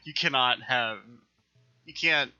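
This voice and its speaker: A man's voice: mid-range voice, slow pace, sharp tone, clear, resonant tone, muffled recording. A man hosting a let's play, giving casual, rambling, self-deprecating gameplay commentary.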